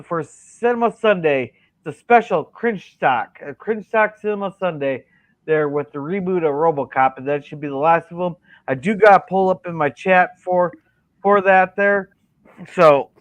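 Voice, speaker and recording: A man's voice: a little high, no room sound. A man on a casual livestream in a laid-back way, running through his plans with plenty of fillers. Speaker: guest streamer, chat helper. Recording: dull lo-fi microphone.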